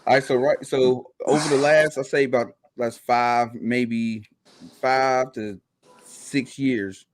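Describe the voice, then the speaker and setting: A man co-hosting a podcast in a mid-pitched voice. He explains things steadily and plainly, pausing on an occasional "um". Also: steady tone. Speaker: podcast co-host. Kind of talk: casual explaining.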